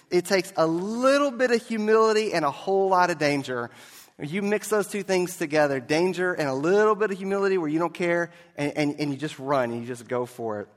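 A man preaching a sermon as a pastor, telling a story and moving between loud and hushed delivery. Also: a little high, big-room sound.

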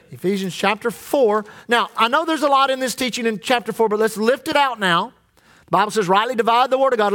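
High-voiced preaching pastor, man. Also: fairly bright tone. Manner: preaching with call-and-response to the congregation. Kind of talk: sermon. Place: church.

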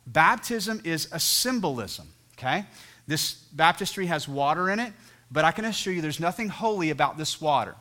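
A man's voice: fairly high pitch, expressive, normal speed, bright, forceful tone. A man in his thirties preaching a sermon as a church pastor, earnest and telling stories with dramatic voiced quotes. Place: church sanctuary.

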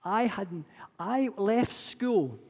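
A man in his sixties preaching a sermon, earnest and repetitive, rising from quiet to impassioned. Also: high voice, expressive, extremely slow, husky. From Britain. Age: 60s. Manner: earnest, building from quiet to impassioned, repeats phrases. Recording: long reverb of a large hall.

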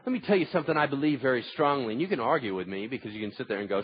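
A man preaching a sermon as pastor, telling stories and swinging between hushed tones and loud, emphatic points. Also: medium pitch, animated, quick pace, husky, dull audio.

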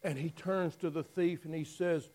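A man preaching a dramatic storytelling sermon, swinging from loud declaiming to hushed, near-whispered lines. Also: fairly high pitch, fairly even intonation, rough recording. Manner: slow, drawn-out phrasing with long pauses.

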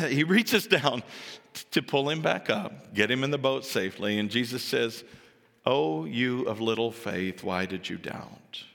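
A man preaching a sermon to his church, telling a story with animated acted-out voices and building to emphatic peaks. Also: mid-range voice, big-room sound. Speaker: pastor.

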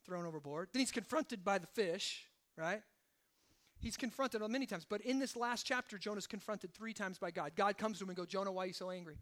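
A man preaching a sermon. He swings from hushed, low emphasis to loud, rising exhortation and keeps checking in with "right?". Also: moderate pace. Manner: asks the congregation rhetorical questions, often adding "right?". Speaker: pastor.

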